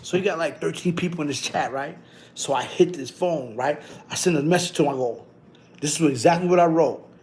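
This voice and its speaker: A middle-aged man with a slightly high-pitched voice hosts a casual livestream. He talks in a loose, slangy way and tells rambling stories. He keeps breaking into long rounds of shout-outs. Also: brisk, slight background noise. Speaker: livestream host.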